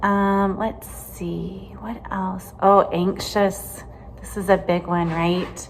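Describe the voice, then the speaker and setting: A woman teaching a children's Bible lesson in a gentle, chatty way, often checking in with "right?". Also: mid-range voice, little pitch movement, slow, slight background noise. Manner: gentle, chatty, asks questions with many "right?"s.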